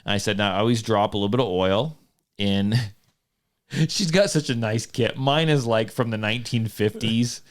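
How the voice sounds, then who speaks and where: A man's voice: lowish voice, normal speed. A man hosting a casual podcast, telling a story with frequent laughter and self-mocking humor. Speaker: podcast host. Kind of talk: casual chat. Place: home studio.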